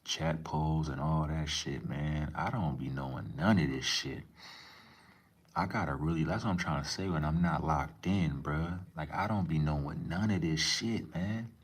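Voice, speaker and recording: A man's voice: a bass voice, measured pace, husky. A young man live streaming, talking casually and reading chat aloud, laid-back and profane with lots of slang.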